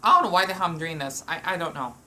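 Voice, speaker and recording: Talking as she eats in a home vlog, a woman rambles with plenty of fillers and restarts. Her low-pitched voice is pushed and bright, and she speaks at a quick pace.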